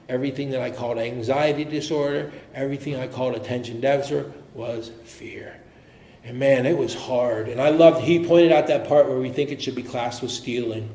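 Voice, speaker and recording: A man speaking as an AA speaker, telling his personal recovery story in an earnest, halting way with frequent restarts. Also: medium pitch, warm tone. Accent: American. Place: meeting hall. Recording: echoey room with faint noise.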